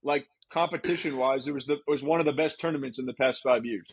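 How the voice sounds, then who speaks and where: A man's voice: mid-range voice, brisk, breathy edge, no room sound, low-quality recording. A man co-hosting a podcast, telling stories in a laid-back, chatty way. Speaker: podcast co-host. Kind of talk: casual chat.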